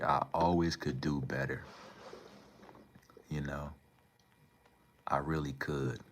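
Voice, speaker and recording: Very deep-voiced man rambling to his chat. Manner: rambling, slangy, talks back to chat. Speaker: livestream host. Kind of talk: casual livestream chat.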